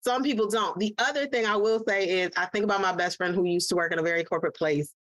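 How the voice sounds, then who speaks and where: A woman's voice: medium pitch, quick pace, a bit bright, no echo. A woman co-hosting a casual podcast, telling frank stories from her working life. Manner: frank, storytelling. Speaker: podcast co-host. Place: studio couch.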